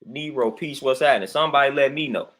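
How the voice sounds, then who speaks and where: A man's voice: mid-range voice, fast, fairly bright tone. A man hosting his own livestream, ranting emphatically and repetitively, saying "man" constantly and greeting viewers between points. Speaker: livestream host. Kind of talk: livestream rant.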